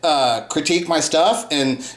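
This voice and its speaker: A man hosting his own channel, going from calm explanation into profane, furious shouted rants. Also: fairly high pitch, measured pace, roomy sound. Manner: swings from calm talk to furious shouted cursing. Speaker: channel host. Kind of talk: profane ranting response video.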